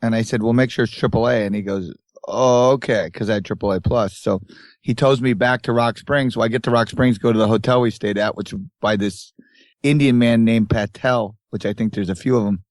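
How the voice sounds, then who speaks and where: A man's voice: fairly low pitch, fairly even intonation, a little fast, no room sound. A man co-hosting a podcast, telling a long rambling road story in casual chat and acting out the people in it. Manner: rambling anecdotes with acted-out quotes. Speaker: podcast co-host. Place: tour bus.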